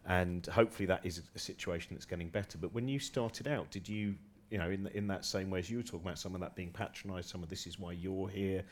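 A man's voice: low voice, steady tone, fast talker, hardly any pauses. A man co-hosting a podcast, asking long, winding questions. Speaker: co-host. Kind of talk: casual podcast chat.

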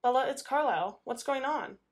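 A woman voicing a calm male doctor who asks measured, clinical questions. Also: high voice, voice pushed up. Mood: concerned. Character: calm male doctor, concerned father figure.

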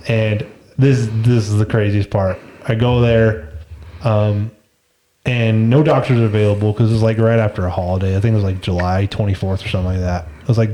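Guy rambling through a story, laughs a lot, echoey room. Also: fairly low pitch. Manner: animated, laughs often, repeats words. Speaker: guest telling a story. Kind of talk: casual storytelling chat. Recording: echoey room, faint noise.

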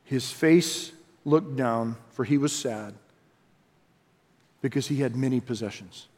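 A man preaching a sermon as pastor, lively and conversational, acting out quoted voices. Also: mid-range voice, slow pace, in a large hall. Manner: animated, acts out quotes in voices.

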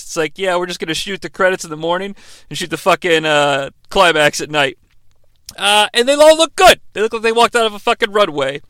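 A man's voice: sits high, bright, forceful tone, no echo. An American man co-hosting a podcast, recapping a TV episode in a profane, joking way and dropping into mocking voices. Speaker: podcast co-host. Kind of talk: casual comedic episode recap.

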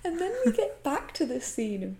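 A young woman co-hosts a podcast, recapping a TV episode in animated, casual talk. Her voice sits slightly high with a marked gravelly fry. She laughs often as she tells the story. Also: moderate pace, background noise. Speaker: podcast co-host.

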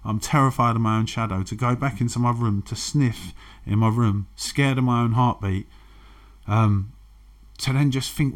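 A man's voice: medium pitch, normal speed. A man, frankly telling his own recovery story and swearing freely. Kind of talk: candid personal testimony.

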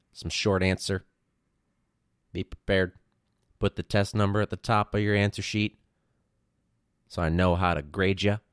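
A young man talks through his own podcast in a relaxed, rambling way, dropping slang and swearing as he jokes about his students. His voice sits very low. The sound is close and dry, with no room around it. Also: no room sound. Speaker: teacher and podcast host. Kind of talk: casual solo podcast chat.

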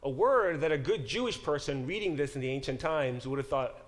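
A man's voice: on the high side, expressive, fairly quick, few pauses. A man teaching a Bible class as a professor, explaining words and passages, questioning his students and correcting himself as he goes. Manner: engaged, questions the class directly; corrects himself mid-sentence.

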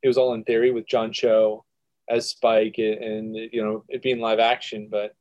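A man's voice: lowish voice, flat delivery, normal speed, darkish tone, dull audio. Man chatting in a hesitant, rambling way. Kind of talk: casual chat.

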